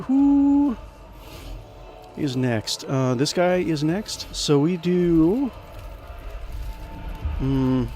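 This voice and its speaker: A man giving casual let's play commentary, playful and chatty, thinking out loud and adding little sound effects as he plays. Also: a little high. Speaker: gameplay commentator.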